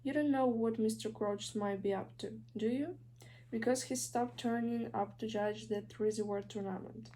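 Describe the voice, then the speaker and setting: A woman's voice: on the high side, fairly even intonation, measured pace, warm tone, slight background noise, lightly acted, low-quality recording. A woman reading a curious teenage wizard boy. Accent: Ukrainian.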